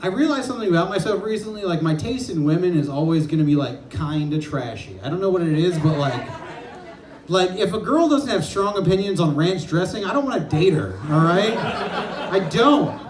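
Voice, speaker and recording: A man in his twenties performing a self-deprecating stand-up comedy set on a club stage, telling stories and breaking into shouted impressions. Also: high-pitched, lively intonation, moderate pace, a crowd in the background. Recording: echoey club with audience laughter.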